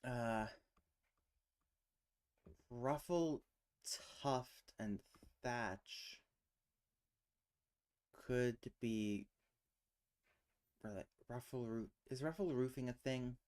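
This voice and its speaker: His medium-pitched voice is clean with a darkish tone, extremely slow, with frequent pauses. Streaming on his own as host of a casual language chat, he thinks aloud over a word puzzle, mumbling and trailing off into self-directed questions.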